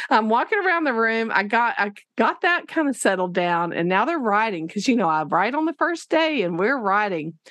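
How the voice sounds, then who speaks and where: Animated woman teacher. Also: on the high side, no room sound. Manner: animated, laughing, acts out quotes. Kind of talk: casual storytelling interview.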